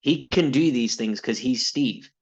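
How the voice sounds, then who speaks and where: A man's voice: mid-range voice, measured pace, lo-fi sound. A British man talking casually and reflectively about his coaching, rambling with restarts and laughs. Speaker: coaching client.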